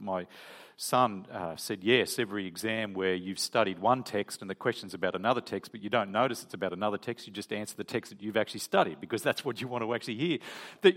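Animated male preacher. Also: medium pitch. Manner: conversational, animated storytelling with restarts. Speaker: pastor. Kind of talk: sermon.

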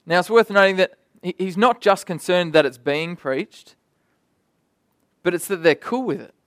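A young man delivers a sermon in an animated, conversational manner, dropping in vivid asides. His voice sits a little high for a man. The sound is close and dry, with almost no room around it. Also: normal speed, dry recording. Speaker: preacher.

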